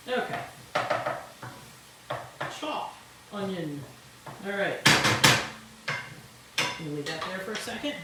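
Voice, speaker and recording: A woman's voice: low-pitched, very noisy. A woman hosting a home cooking show with an Italian-tinged accent, chatting and explaining each step as she cooks. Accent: Italian-tinged English. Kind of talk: casual cooking demonstration. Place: home kitchen. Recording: very echoey kitchen, distant mic.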